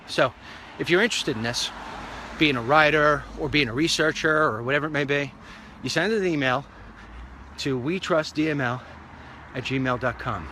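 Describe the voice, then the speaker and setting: Pitched on the high side, this man's voice is bright and forceful, delivered at a moderate pace with a little hiss or hum in the recording. He hosts his own online show, rambling upbeat in a casual monologue while walking a street outdoors.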